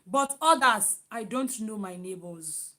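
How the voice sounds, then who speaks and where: A woman from Nigeria with a Nigerian accent, chatting casually in a vlog, loud and emphatic, with many restarts. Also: medium pitch, animated, slow pace. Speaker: vlogger.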